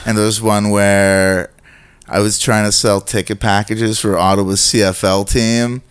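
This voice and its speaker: A man with a smooth, resonant voice that sits on the low side. He tells stories in a laid-back, casual podcast chat, swearing freely. Along the way he acts out the people he quotes. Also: flat delivery, measured pace. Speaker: guest comedian.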